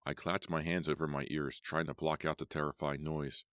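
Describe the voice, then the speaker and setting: A man narrating a first-person horror audiobook in a measured storytelling manner. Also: extremely low pitch, level tone, fairly bright tone, smooth, dry recording, studio quality.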